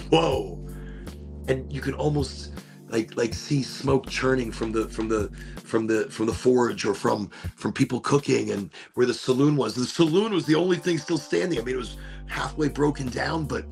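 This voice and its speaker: A man hosting a podcast, telling a story in a casual, animated way, swearing and repeating words as he goes. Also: medium pitch, moderate pace, vocal fry, soft background music. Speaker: podcast host.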